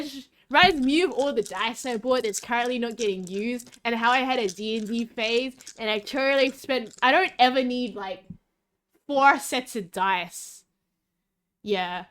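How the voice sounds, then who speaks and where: A young woman chatting on a livestream in a high, lively voice that swings all over. She rambles, giggles and fills every pause with "like." Now and then she drops into a loud whisper. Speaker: vtuber streamer. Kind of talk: casual livestream chat.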